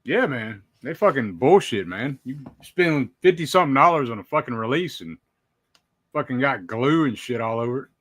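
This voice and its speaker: A man's voice: medium pitch, lively intonation, normal speed, a bit bright, no echo. A man chatting as a guest on a watch party stream, blunt and heavily profane. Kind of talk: casual chat.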